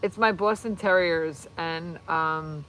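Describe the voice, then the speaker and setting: Rambling, excitable woman chatting live. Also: deep voice, slow pace, slight background noise, poor audio. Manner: rambling, excitable, self-interrupting. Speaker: channel host. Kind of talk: casual livestream chat while crafting. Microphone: phone.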